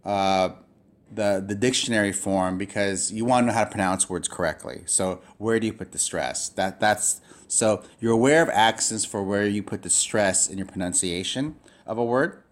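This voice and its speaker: A man teaching a recorded language lesson, speaking haltingly with many fillers and restarts. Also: on the low side. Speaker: Greek teacher. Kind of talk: recorded lecture.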